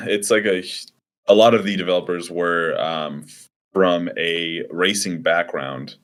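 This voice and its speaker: A man's voice: deep voice, slow, fairly bright tone. A young man co-hosting a podcast, talking in a laid-back, hesitant way and laughing easily. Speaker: podcast co-host. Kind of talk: casual podcast chat.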